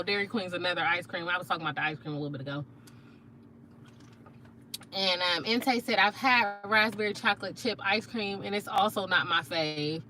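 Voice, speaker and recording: A woman's voice: mid-range voice, bright, forceful tone, slight background noise, low-quality recording. A woman, chatting casually on a live stream and reading viewer comments aloud in a playful, slangy way. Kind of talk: casual chat.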